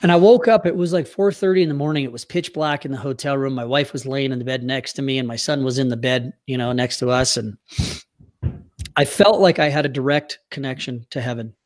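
A man's voice: medium pitch, a little fast. Earnest middle-aged American man. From United States. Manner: earnest, heartfelt, at times choked up. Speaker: guest; youth hockey coach. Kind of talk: emotional personal storytelling.

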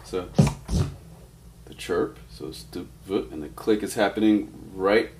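A man teaching turntable scratching in a relaxed, step-by-step way, often saying "all right" as he works through each part. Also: deep voice, a little slow, heavy background noise. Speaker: DJ scratch instructor. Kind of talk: casual instructional demo.

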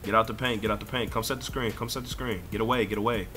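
A young man on headset voice chat during a basketball video game, bossy and argumentative, getting loud and defensive. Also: fairly low pitch, fairly even intonation, quick pace, over music. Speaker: gamer streaming a pickup basketball game. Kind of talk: heated gaming voice chat.

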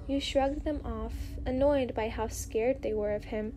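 A woman narrating a story in a gentle, unhurried ASMR reading. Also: on the high side, fairly even intonation. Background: faint music.

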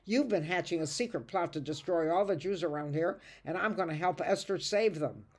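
A woman's voice: lowish voice, moderate pace, darkish tone, pitched above the performer's own voice, natural voice. A woman voicing a bold young boy playing the villain in a school play, declaiming with swagger. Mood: defiant.

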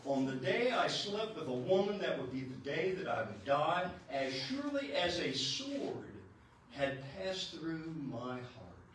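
A man doing a pleading young prince, higher pitched, lively, echoey church from afar. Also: a little slow, recorded from a distance, a little hiss or hum. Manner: pleading, repeating no. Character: anxious young man, a chief's son.

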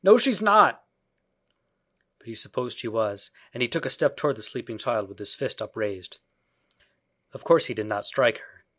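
A male audiobook narrator reading a children's classic in a measured, even scripted narration. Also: on the low side.

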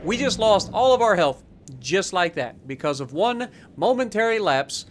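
A man's voice: sits high, sing-song, normal speed, slight background noise. A man giving casual, sarcastic commentary over his own gameplay, chatting and teasing opponents as he explains his moves. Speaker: gaming YouTuber.

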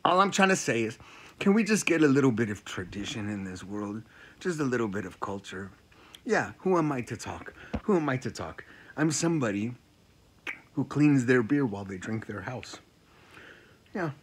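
A male comedian doing a profane stand-up rant, repeating lines and swinging from loud outbursts to low mutters. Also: big pitch swings, moderate pace, husky.

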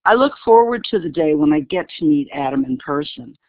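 Hoarse woman on a tinny webinar line. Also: low voice, expressive, brisk, no room sound. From New Orleans, Louisiana. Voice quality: scratchy voice. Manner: reads a long list of awards. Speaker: co-host introducing guests. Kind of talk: read webinar introduction. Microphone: online webinar call audio. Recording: tinny phone-like webinar audio, dry.

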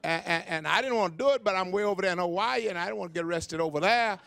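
An older man from Texas, preaching an impassioned sermon with shouted peaks and stammered repetitions. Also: high-pitched, racing, creaky. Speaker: pastor.

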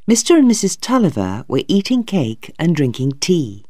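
A narrator reading a graded storybook for English learners in a clear, deliberate, expressive way. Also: mid-range voice, no room sound, clean studio sound.

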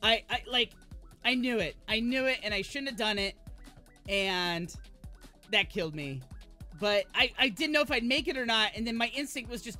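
A woman's voice: a little high, normal speed, sharp tone, soft background music. A woman streamer giving live gameplay commentary, who swears and shrieks when she fails and chats in a rambling way with her viewers.

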